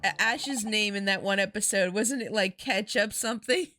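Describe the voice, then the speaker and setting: A woman's voice: medium pitch, normal speed, bright, forceful tone. A woman chatting casually on a game stream, giggly and talkative, addressing her viewers. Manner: giggly, chatty, talks to chat and her pet. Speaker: streamer reading a visual-novel game aloud. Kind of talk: casual live-stream chat. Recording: game music behind the voice.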